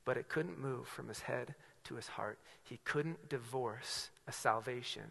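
A man preaching a sermon, telling stories with acted-out dialogue and swinging from loud to hushed. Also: mid-range voice, measured pace, vocal fry, breathy edge, long reverb tail. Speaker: pastor.

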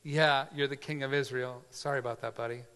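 A man preaching a sermon in a casual, conversational way, moving from loud emphasis to quiet asides. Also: medium pitch, fairly even intonation, fairly quick, clean tone, big-room sound. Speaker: pastor.

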